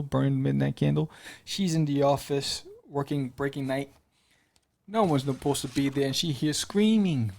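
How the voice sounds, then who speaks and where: A man hosting a casual podcast, retelling a comic's story in a playful, animated way and acting out the characters' lines. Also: on the high side, gravelly. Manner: playful, jokes with the listener. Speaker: podcast host reviewing comics. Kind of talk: casual chat.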